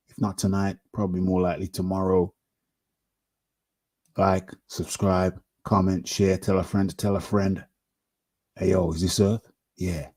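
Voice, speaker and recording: A man hosting a live boxing talk show, riffing in a slangy, repetitive way. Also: deep voice.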